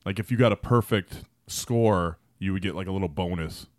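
A young man co-hosting a podcast, telling stories in a relaxed, filler-heavy way with casual swearing. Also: deep voice, normal speed, no room sound, clean studio sound. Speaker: podcast co-host. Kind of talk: casual chat.

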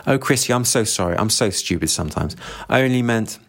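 A man's voice: on the low side, animated, fairly quick, vocal fry, a bit bright, pitched above the performer's own voice, full character voice. A man voicing a tactless, gushing middle-aged woman who gossips and gets flustered, read from a novel.

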